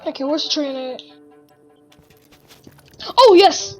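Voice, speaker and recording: A woman giving excitable gaming commentary, full of gasps and exclamations. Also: high-pitched, takes it slowly, long pauses, faint music behind, poor audio. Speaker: gamer.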